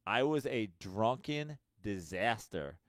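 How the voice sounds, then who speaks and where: A man's voice: on the low side, lively intonation, takes it slowly, no echo. A man in his late thirties co-hosting a podcast, talking casually and candidly with frequent swearing. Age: late 30s. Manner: candid, profane, rambling. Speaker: podcast co-host. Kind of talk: casual chat.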